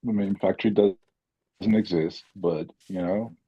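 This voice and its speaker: A man's voice: low-pitched, steady tone, unhurried, husky, dry recording, dull audio. A man speaking from a hotel room over a remote call, asking the show's question in a teasing, jokey way.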